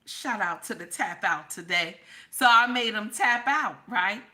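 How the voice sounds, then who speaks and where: A woman's voice: medium pitch, measured pace. A woman, host of a casual livestream who reads chat comments aloud and teases her viewers. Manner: animated, teasing, talks straight to chat viewers.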